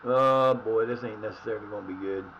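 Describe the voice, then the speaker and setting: A man streaming a football management game live, cursing and shouting at his players. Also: medium pitch, moderate pace, lo-fi sound, a little hiss or hum. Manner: animated, swears, yells at the game. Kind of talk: live gameplay commentary.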